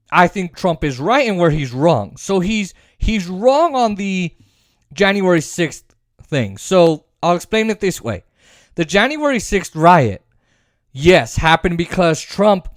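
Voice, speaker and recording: A man giving a casual political rant as a commentator, sarcastic and heated, his voice climbing into shouts. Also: high voice, very animated, takes it slowly, dry recording, clean studio sound.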